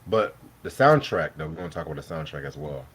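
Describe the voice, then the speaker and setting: Deep-voiced man hosting a casual live stream. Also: big pitch swings, quick pace, a bit bright, slightly rough. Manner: loose, profane, laughing banter. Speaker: host.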